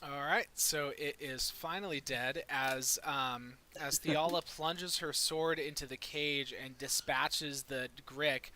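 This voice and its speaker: A man's voice: fairly high pitch, slow, hardly any pauses. A man running a tabletop game as dungeon master, describing scenes vividly and ruling on dice rolls. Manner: lively, vivid scene narration.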